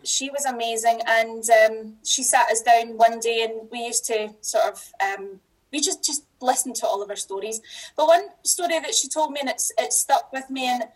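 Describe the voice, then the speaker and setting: A woman's voice: on the high side, normal speed, rough recording. A middle-aged woman from Scotland with a Scottish accent, a teacher talking casually as a podcast guest, chatty with frequent restarts and laughs.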